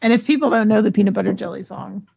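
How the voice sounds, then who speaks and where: Giggly husky woman hosting a live sale. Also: mid-range voice, fast, darkish tone, highs cut off. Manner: giggly, chatty, reads out bids. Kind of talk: casual live-stream auction chat.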